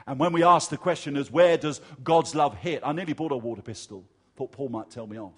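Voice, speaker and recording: An English man preaching a sermon, telling a personal story with lively acted-out voices. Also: medium pitch, a little fast, husky. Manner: animated storyteller, acts out crowd voices.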